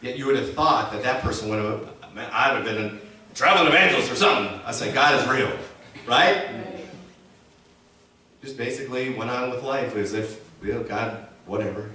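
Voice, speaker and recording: Pastor guy preaching loud and bright, lots of echo, picked up from way back in the church. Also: mid-range voice, normal speed, slight background noise. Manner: emphatic preaching, calls congregation to repeat lines. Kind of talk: sermon. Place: church sanctuary. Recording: echoey church hall from far off.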